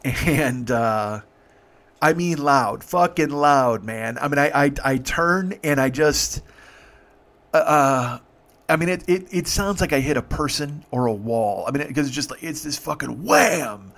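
A man's voice: mid-range voice, animated, unhurried, fairly bright tone. A man in his fifties, hosting a podcast, telling a long story in a profane, rambling way with many restarts. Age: 50s. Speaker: podcast host. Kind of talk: casual storytelling.

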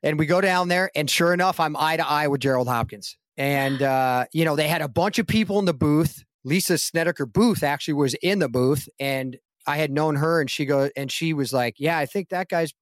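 A man with a slightly high voice, a guest actor, tells a long anecdote a little fast and with hardly any pauses in a casual podcast interview. Quoted lines get an animated, lifted voice, and the studio sound is clean with no echo.

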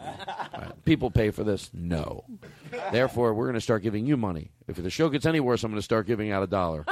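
Male comedy podcast host, middle-aged, rambling and profane, lively delivery. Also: lowish voice, a little fast. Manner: rambling, profane, self-mocking.

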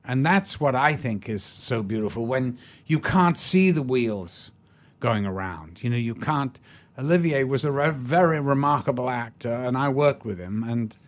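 Older man telling lively anecdotes. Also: mid-range voice, normal speed. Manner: animated storyteller, acts out quotes. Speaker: guest. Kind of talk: anecdotal interview chat.

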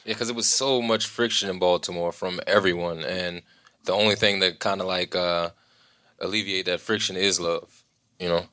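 Brief: low man, crisp resonant tone, dry close sound, earnest. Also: fairly even intonation, moderate pace, pushed and bright, no room sound. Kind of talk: casual interview chat.

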